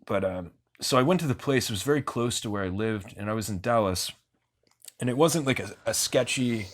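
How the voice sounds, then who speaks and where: A man's voice: fairly low pitch, fairly bright tone. A young man, a guest on a podcast, telling a story in a rambling, profane way full of fillers. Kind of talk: casual storytelling in an interview.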